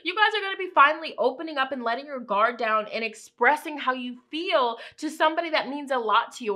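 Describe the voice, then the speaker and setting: A woman's voice: sits high, pushed and bright. A woman giving a chatty, encouraging tarot reading, often checking in with "okay?" and "you know". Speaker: tarot reader.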